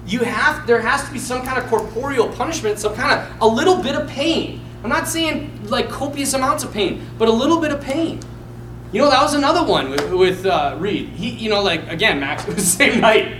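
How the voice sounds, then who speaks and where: Animated priest telling laughing stories. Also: male voice, high-pitched, roomy sound, slight background noise, poor audio. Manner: animated, laughs often, jokes, side stories. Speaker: Catholic priest. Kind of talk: casual storytelling to listeners.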